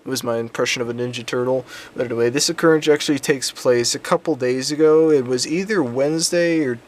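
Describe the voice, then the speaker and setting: A man's voice: medium pitch, fast talker. Young man, vlogger, profane casual storytelling, rambling, lots of ums, crude jokes, mid-range voice. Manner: frequent ums and restarts.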